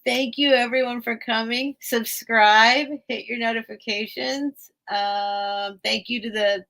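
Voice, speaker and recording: A woman hosting a live sale stream, rambling and emotional as she thanks her viewers in halting phrases. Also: a little high, fairly even intonation, creaky, fairly bright tone. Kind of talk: casual livestream sign-off.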